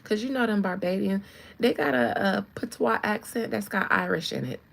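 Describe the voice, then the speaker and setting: A woman hosting her channel, giving casual, animated celebrity commentary, laughing often and talking straight to her viewers. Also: mid-range voice, moderate pace, vocal fry, low-quality recording. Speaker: channel host.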